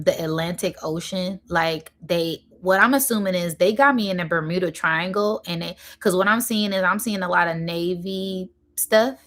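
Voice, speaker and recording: Casual woman host, somewhat low, channeling spirit messages live, rambling and drawn out. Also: fairly bright tone. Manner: rambling, full of fillers, slowing down to stress points; addresses viewers directly and casually.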